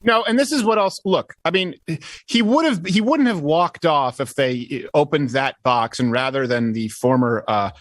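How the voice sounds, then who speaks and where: A man's voice: on the high side, normal speed, dry recording. A Canadian-raised man chatting as a guest commentator, sarcastic and full of restless restarts. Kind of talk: casual political chat.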